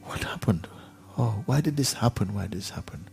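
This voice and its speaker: A man's voice: on the low side, lively intonation, moderate pace, creaky, a bit bright, faint music behind, voice pushed up, heavily acted. Man crying out as a pained, hot-tempered plump king. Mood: anguished. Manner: cries out and wails.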